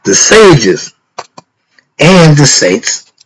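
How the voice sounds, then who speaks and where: Over poor audio, a husky, somewhat high, sing-song male voice speaks very slowly. He is a middle-aged or older philosophy talk host giving an informal spiritual lecture, answering rhetorical questions he poses, slipping into slang, and becoming worked up.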